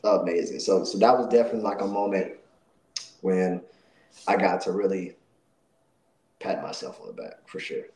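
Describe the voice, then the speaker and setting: A man's voice: low-pitched, fairly even intonation, moderate pace, pauses often, mellow. Slangy man in an echoey room. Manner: laid-back, slangy, says "bro" a lot. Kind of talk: casual chat.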